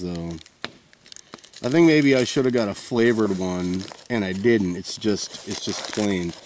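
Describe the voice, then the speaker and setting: A man's voice: lowish voice, slight background noise. A man rambling casually at a winter forest camp, meandering with lots of uhs and restarts. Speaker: vlogger.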